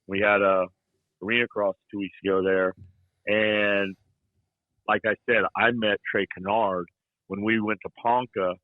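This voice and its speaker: A man's voice: lowish voice, level tone, a little slow, dry recording, narrow, tinny audio. A middle-aged man telling stories in a rambling, folksy way, full of "you know" and playful ribbing. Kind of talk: casual storytelling chat.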